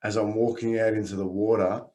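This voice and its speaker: On a casual podcast, this Australian coach talks fairly quickly in a fairly low voice. He offers calm, encouraging guidance and tells lively, laughter-filled stories.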